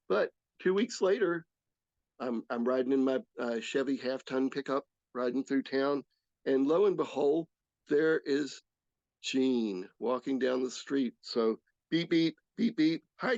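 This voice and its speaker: A man in his sixties sharing his recovery story in an earnest, halting way, often restarting his sentences. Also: mid-range voice, darkish tone, dry recording. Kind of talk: personal testimony talk. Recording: slightly dull, dry recording.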